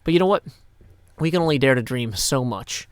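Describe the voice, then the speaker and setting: A man's voice: mid-range voice, expressive, clear, resonant tone, no echo. A man from Nashville, Tennessee, hosting a casual live game stream, playful with rhyming asides, tired after a long day. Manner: playful, rhyming asides and quick number-talk.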